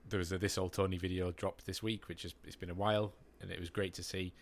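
Man, very deep voice, relaxed rambling chat, casual swearing. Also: fast. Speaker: podcast co-host.

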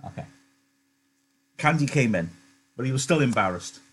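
Husky-voiced teacher, chatty and rambling. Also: male voice, medium pitch, expressive, moderate pace. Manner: chatty, self-interrupting, digressive. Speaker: English teacher. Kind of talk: live online lesson, reading a novel aloud.

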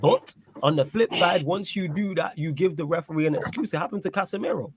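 A man's voice: fairly high pitch, brisk, a little hiss or hum. A man on a football live stream who argues his point firmly and asks and answers his own questions. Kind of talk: casual debate.

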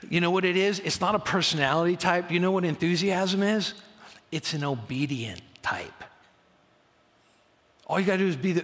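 Middle-aged man preaching, slightly high voice, long hall echo, hushes prayers and punches key lines. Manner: storytelling, drops to a near-whisper for prayers, rises to loud emphasis. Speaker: pastor. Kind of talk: sermon. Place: church auditorium. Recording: long church-hall reverb.

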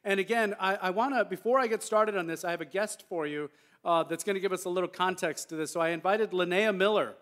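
Man, pastor, casual sermon, slightly raised pitch, church. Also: fast talker, a bit bright. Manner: conversational, self-deprecating, restarts and asides. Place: church sanctuary.

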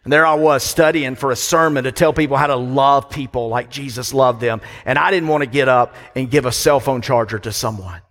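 A man's voice: mid-range voice, fairly quick, hardly any pauses, fairly bright tone, in a large hall. A man preaching a sermon as pastor, conversational and full of questions to the congregation.

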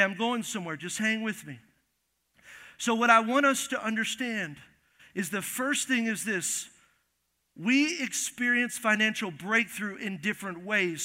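A man's voice: high voice, sharp tone, in a large hall. A man preaching a sermon as pastor, emphatic and repeating key phrases while talking straight to the congregation in a church. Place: church sanctuary.

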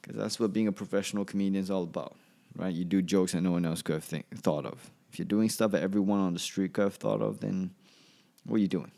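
A man's voice: sits low, fairly even intonation, fast, vocal fry, warm tone. A male comedian talking alone on his podcast, rambling and offhand, often trailing off and restarting his sentences. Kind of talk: solo podcast monologue.

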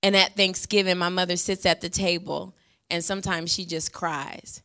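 A woman's voice: lowish voice, level tone, moderate pace, bright, forceful tone, clean tone. A middle-aged woman pastor preaching a sermon in a church, emphatic and passionate, her voice swelling as she makes her points.

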